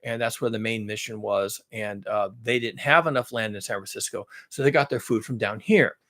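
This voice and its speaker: A man's voice: fairly low pitch, moderate pace, fairly bright tone. A man talking in a rambling, blunt monologue, listing things at length and repeating himself. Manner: blunt, swears now and then. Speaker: vlogger.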